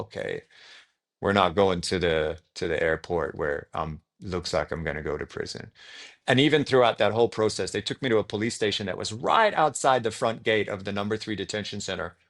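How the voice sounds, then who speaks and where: A man's voice: on the low side, vocal fry, a bit bright. A young Australian man, a podcast guest, telling his story in a loose, rambling way full of likes and ums. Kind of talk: casual storytelling in an interview.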